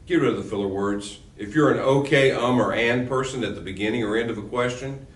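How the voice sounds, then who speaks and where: A man's voice: medium pitch, a little fast, roomy sound, far from the mic. A man teaching a recorded lecture as a law instructor, with an emphatic, punchy delivery.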